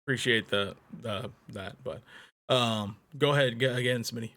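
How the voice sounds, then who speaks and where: Gravelly-voiced casual podcast host. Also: male voice, mid-range voice, moderate pace, sharp tone. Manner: asks questions, laughs easily. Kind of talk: casual interview.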